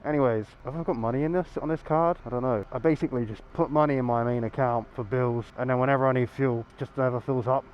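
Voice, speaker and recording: A young British man with a slightly croaky voice rambles and swears cheerfully while he rides through town. His voice sounds muffled through a lapel mic under the helmet, with clear traffic noise behind him. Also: mid-range voice, fairly even intonation, fast, few pauses. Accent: British English. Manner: chatty, sweary, self-mocking. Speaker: motovlogger. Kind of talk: casual riding vlog. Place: outdoors on a motorbike in town traffic.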